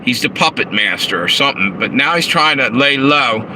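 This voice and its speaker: An expressive, medium-pitched voice at normal speed belongs to a live streamer chatting casually from his car. He rambles, curses, reads chat, and chuckles at his asides, while the noisy phone audio catches the engine and air conditioner humming.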